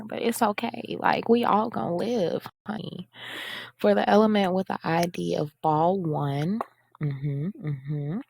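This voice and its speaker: The coding tutorial host is a woman whose lowish, slightly mellow voice carries vocal fry, and she speaks at a measured pace. She reads the instructions aloud during a casual screen-share, chatty and self-deprecating, with slight background noise in the clip.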